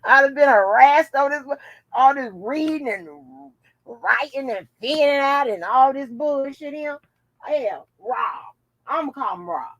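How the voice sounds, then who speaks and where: Woman, vlog host, casual commentary, blunt, profane, joking, fairly high voice, lively pitch. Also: measured pace, dry recording, highs cut off. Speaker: channel host.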